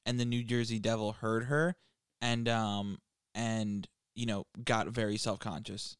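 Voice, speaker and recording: A man's voice: on the low side, steady tone, unhurried, smooth, no room sound, studio quality. Wry, hesitant man on a podcast. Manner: amused, wry, hesitant with many restarts. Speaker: podcast co-host. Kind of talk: casual podcast chat.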